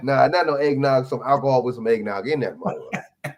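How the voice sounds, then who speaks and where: A man co-hosting a casual chat, teasing his partner in a lively way and reading news items aloud. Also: mid-range voice, a little fast, muffled recording, slight background noise. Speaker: co-host.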